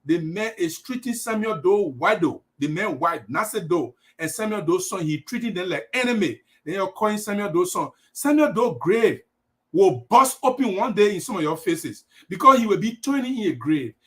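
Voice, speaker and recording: A man with a Liberian English accent speaks on a live stream in an emphatic, preachy way, repeating his points. His voice sits high and swoops widely in pitch. He sounds impassioned throughout. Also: big pitch swings, moderate pace. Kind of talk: impassioned political livestream.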